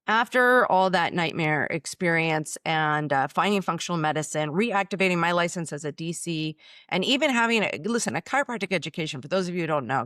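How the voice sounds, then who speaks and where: Filmed in her office, a chiropractor and author gives a blunt, emotional personal testimony about her own illness. Her low, slightly bright voice is recorded with studio quality and no echo.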